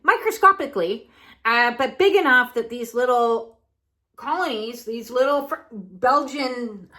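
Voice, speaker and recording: A frank, jokey woman vlogger who chats casually and swears freely as she explains her routine. Her voice sits a little high and rings bright and forceful. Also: animated, measured pace, poor audio. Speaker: wellness vlogger. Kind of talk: casual health vlog talk.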